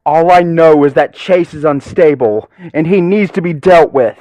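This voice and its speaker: A man's voice: on the high side, normal speed, dark tone, no room sound, voice pushed up, lightly acted. Man doing a grim, defeated Labrador pup. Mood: grim, drained. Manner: grim, drained, vengeful. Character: young male Labrador pup, defeated and bitter.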